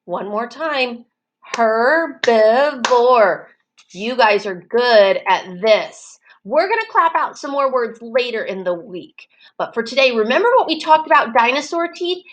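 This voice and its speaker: A woman teaching preschool children in an online circle time, slow and encouraging, stretching words out so the children can clap the syllables. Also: fairly high pitch, expressive, poor audio.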